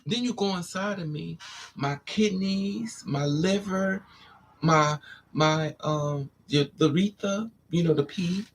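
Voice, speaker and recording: A slow-paced female livestream host gives a candid, blunt monologue, dropping "honey" and "child" throughout her stories. Animated, she breaks into dramatic high-pitched put-on voices for the people she describes, with a faint hiss or hum behind her.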